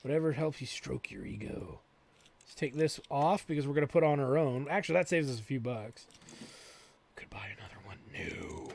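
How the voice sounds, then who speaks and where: A man's voice: on the high side, brisk, creaky, darkish tone, slight background noise. A man hosting a let's play, thinking aloud as he plays and swearing freely. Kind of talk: gameplay commentary.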